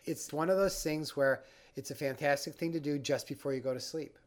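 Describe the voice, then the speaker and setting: A man teaching a breathing exercise for anxiety, guiding the listener step by step in a calm, instructive way. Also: on the high side, brisk. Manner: calm, guiding, acts out the panicked mind. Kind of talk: instructional talk.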